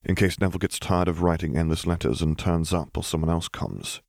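A man's voice: low-pitched, fairly even intonation, a little fast, creaky, darkish tone, dry recording, studio quality. A man voicing a wry young wizard husband. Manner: wry, joking understatement. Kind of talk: audiobook character reading.

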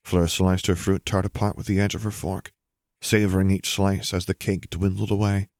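A man with a very deep voice reads a story aloud in a measured, even way. The sound is close and completely dry, with no room around it. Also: dry recording. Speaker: narrator. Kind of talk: storybook narration.

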